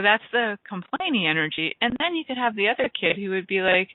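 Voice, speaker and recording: A woman's voice: mid-range voice, sing-song, fairly quick, hardly any pauses. A woman hosts a radio show in loose, enthusiastic talk, wandering off on tangents and catching herself. Her voice comes through a narrow, tinny line that sounds like a phone call. The sound is dry, with no room echo. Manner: rambling, enthusiastic, self-interrupting.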